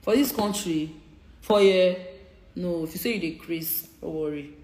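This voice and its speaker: A woman's voice: sits low, normal speed, a little mellow, roomy sound, slight background noise. A young woman in her twenties with a Nigerian Pidgin English accent, confronting critics in a heated, repetitive live-stream rant. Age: 20s. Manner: confrontational, repeats her points. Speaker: social media personality.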